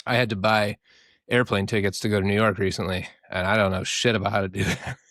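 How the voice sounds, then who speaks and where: A young man co-hosting a podcast, telling stories in a casual, animated way, swearing freely and mimicking voices. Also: fairly low pitch, fast, no room sound, studio quality. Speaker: podcast co-host.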